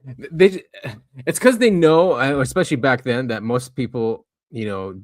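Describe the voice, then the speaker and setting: A man co-hosting a podcast, chatting casually and halting often, breaking off and restarting his thoughts. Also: medium pitch, a little mellow, no room sound, clean studio sound. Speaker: podcast co-host.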